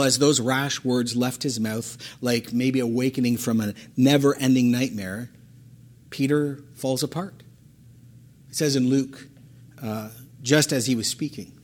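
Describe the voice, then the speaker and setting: A man preaching a sermon, animated and emphatic, repeating phrases and acting out the words of the people in his story. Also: medium pitch. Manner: animated, acts out quotes, emphatic repetition. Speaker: pastor.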